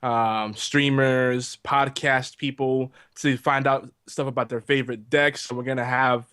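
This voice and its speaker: A man's voice: medium pitch, flat delivery, measured pace, a bit bright, smooth, no room sound. A man co-hosting a live gaming stream, talking casually and plainly about upcoming content. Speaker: podcast co-host.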